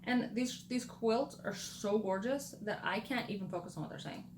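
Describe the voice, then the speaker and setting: A woman co-hosting a casual podcast chat, telling stories in an animated, chatty way. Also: a little high, normal speed. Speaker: podcast co-host. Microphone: table mic, sits back from it. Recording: roomy with background noise.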